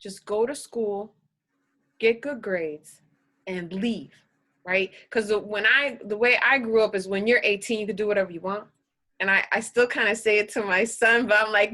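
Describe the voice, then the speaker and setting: A woman shares a painful personal story as a podcast guest, earnest and halting, with frequent restarts. She sounds emotional and close to tears. Her voice is bright and sharp, pitched in a middle range.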